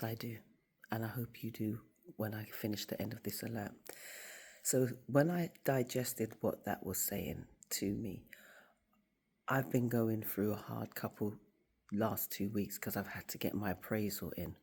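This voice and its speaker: Extremely low in pitch and breathy, this woman's voice moves a little slowly. She's a school staff member and faith vlogger in her office, animatedly telling a story during a casual motivational talk to camera and voicing the characters she quotes.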